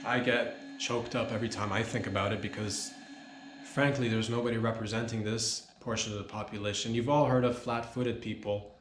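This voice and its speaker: A man's voice: fairly low pitch, steady tone, a little fast. A man hosting a comedy podcast, rambling in a mock-serious, slangy way. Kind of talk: rambling deadpan comedy monologue. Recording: roomy echo with faint noise.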